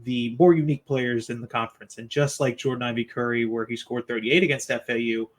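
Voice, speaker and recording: A man's voice: mid-range voice, fairly even intonation, fairly quick. A man hosting a sports podcast, chatting casually and asking his co-hosts for predictions. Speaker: podcast host.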